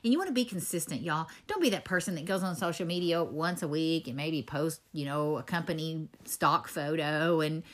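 A middle-aged woman, giving chatty, energetic coaching tips to network marketers. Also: sits low, moderate pace, hardly any pauses. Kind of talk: motivational talk to camera.

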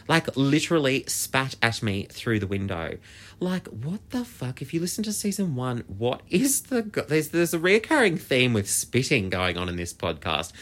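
An Australian man hosts a podcast alone and tells a story in casual talk. His pitch jumps around with lively, expressive swings while he chats on. He swears freely and scatters "like" through his sentences. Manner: animated, chatty, swears, many "like" fillers. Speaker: podcast host.

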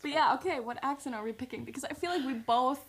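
A woman's voice: high-pitched, fast talker, breathy edge. A young woman co-hosting a casual podcast chat, laughing often between remarks. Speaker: podcast co-host.

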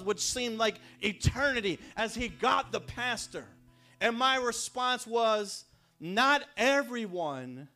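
A man preaching a sermon, telling personal stories and building to fervent shouts. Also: extremely high pitch.

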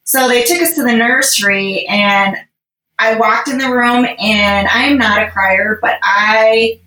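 A woman's voice: fairly high pitch, a little slow, bright, forceful tone. A woman guest on a podcast, telling a personal story in a casual, rambling way with lots of fillers. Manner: rambling, emotional, heavy on fillers. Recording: roomy echo.

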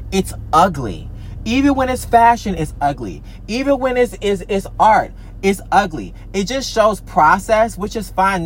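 In this ranting vlog, a man whose voice sits high vents angrily to the camera; he's an artist and social media creator. He swears constantly, keeps restarting and repeating himself, stammers, and drifts off with "I don't know," with slight background noise behind him.

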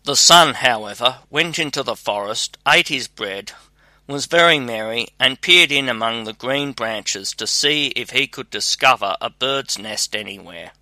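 Brief: male audiobook narrator, very slow and measured, bright clear tone. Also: mid-range voice, no echo. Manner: measured, unhurried storytelling. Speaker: audiobook reader. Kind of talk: scripted narration.

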